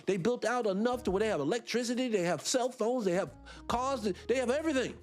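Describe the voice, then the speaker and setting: A man hosting a radio talk show, arguing his points in an animated, rhetorical way and repeating himself for emphasis. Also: very high voice, fast, faint music behind. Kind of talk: opinionated solo radio talk.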